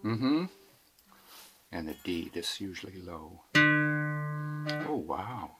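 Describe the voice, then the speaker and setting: A man who teaches young children, talking gently and singing folk songs to his guitar in a home recording. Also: mid-range voice, big pitch swings, very slow. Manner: gentle, soft-spoken, sings folk songs. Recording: loud guitar over the voice.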